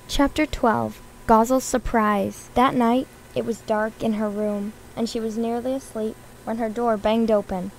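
A woman reading a children's novel aloud, lively, lifting her voice a little for the characters' lines. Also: on the high side, a little hiss or hum, poor audio. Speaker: reader.

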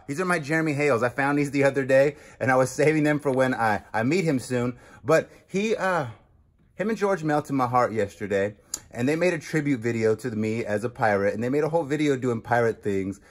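A man hosting a vlog, chatting casually and joking while he sorts through a storage unit. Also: mid-range voice. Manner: chatty, jokey, thinking out loud. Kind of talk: casual chat to camera.

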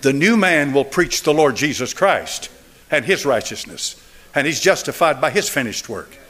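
A man's voice: a little high, animated, normal speed. Older man preaching with emphatic repetition. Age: 70s. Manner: swings between raised and hushed delivery. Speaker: pastor. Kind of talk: sermon with altar call.

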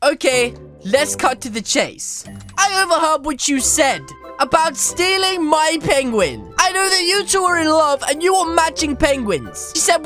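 A young woman YouTuber giving playful, animated game commentary and teasing her friends. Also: sits high, faint music behind. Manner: animated, teasing, quick switches between narration and banter. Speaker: gaming YouTuber.

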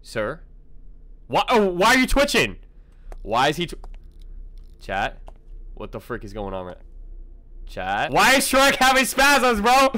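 Excitable gamer guy, high and very animated, loud game music behind. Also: a little slow, pauses often, low-quality recording. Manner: excitable, yelling and talking to chat. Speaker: gaming video creator. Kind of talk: let's play commentary.

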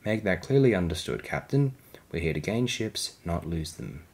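A man reads as a calculating alien grand admiral, controlled and quietly deadly. The voice sits very low and stays hushed, never raised. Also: big pitch swings, normal speed, creaky, breathy edge, full character voice. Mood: quiet menace.

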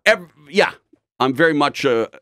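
A man's voice: fairly high pitch, animated, normal speed, sharp tone, dry recording, studio quality. A middle-aged man talking candidly as an interview guest, intense and rambling with frequent restarts. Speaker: guest, broadcaster.

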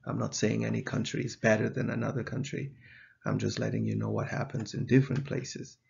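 Gravelly, flat-toned male math teacher. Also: on the low side, highs cut off. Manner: measured, explanatory, with some fillers. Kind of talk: video lesson.

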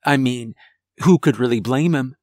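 A man narrating a first-person horror story in a measured, tense way, over faint music. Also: mid-range voice, a little mellow, no echo, clean studio sound.

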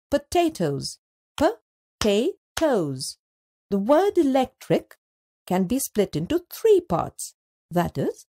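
Slow, careful woman narrating a lesson. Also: medium pitch, mellow. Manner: slow, deliberate, drawing out words syllable by syllable. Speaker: teacher narrator. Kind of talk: scripted educational narration.

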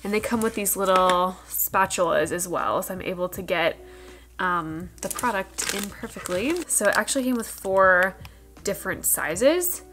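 A young woman chatting casually to camera in a vlog, excitable and gushing as she talks from her parked car and later at home. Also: mid-range voice, normal speed, faint music behind. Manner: chatty and excitable, gushing about food and purchases. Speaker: lifestyle vlogger.

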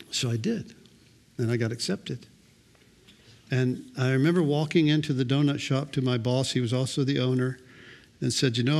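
A man's voice: medium pitch, a little mellow. A middle-aged male pastor preaching a sermon, telling personal stories with dry, self-mocking humor.

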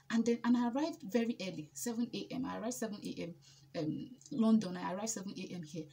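Animated Nigerian woman telling a story. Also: medium pitch, quick pace, slightly rough. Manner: emphatic, animated, repeats herself for effect. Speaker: vlogger. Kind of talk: casual storytelling.

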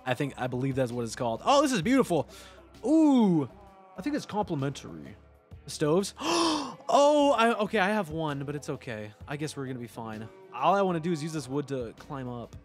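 A man chatting casually on a gaming livestream, excitable, laughing often, swearing and breaking into sudden yelps. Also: a little high, moderate pace, faint music behind. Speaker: streamer.

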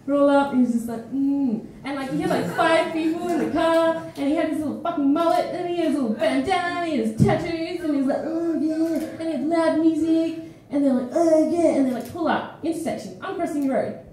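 A woman's voice: sits high, fast, slight background noise. A young Australian woman, tired and phlegmy, chatting frankly with a live audience between poems, swearing and laughing as she goes. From Perth, Australia. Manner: animated, frank, swears often, laughs mid-sentence. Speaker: feature poet. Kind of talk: casual stage banter. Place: small indoor studio venue with live audience. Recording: echoey room, mic from far off.

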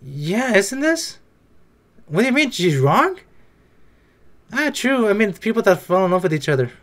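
A man giving casual anime reaction commentary, excitable and swearing as he blurts out his reactions. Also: high voice, normal speed. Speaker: anime reaction video creator.

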